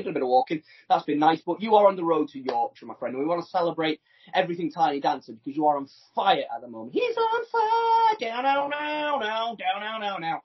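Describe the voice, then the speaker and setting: A man hosting a casual podcast, teasing his co-host with animated banter. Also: a little high, breathy edge. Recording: dull lo-fi recording.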